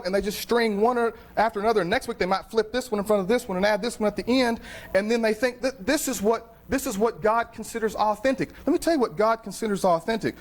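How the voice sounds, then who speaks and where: A man preaching a sermon as pastor, conversational and animated, telling stories with humor. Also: high voice.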